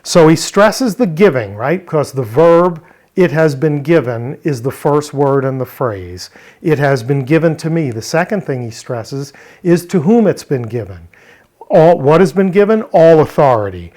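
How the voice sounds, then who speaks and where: A man's voice: a little high, lively intonation, normal speed, darkish tone. A man teaching a verse-by-verse Greek word study, explaining step by step and posing rhetorical questions. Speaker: Bible language teacher.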